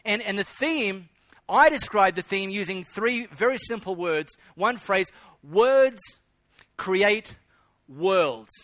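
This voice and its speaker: A man's voice: sits high, animated, unhurried, sharp tone, no room sound. A man preaching a sermon, telling a story and stressing his key phrases through repetition. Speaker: pastor.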